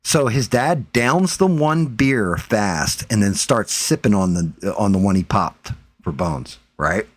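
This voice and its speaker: A man's voice: fairly low pitch, expressive, takes it slowly. A man hosting a live stream, telling a story in casual, profane chat and acting out what people said. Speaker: streamer host.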